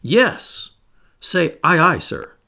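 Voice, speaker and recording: A man's voice: fairly high pitch, very animated, creaky, sharp tone, pitched above the performer's own voice, full character voice. Peter Pan, a man voicing a cocky boy. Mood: commanding. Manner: brisk, boastful, commanding. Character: cocky confident young boy leader.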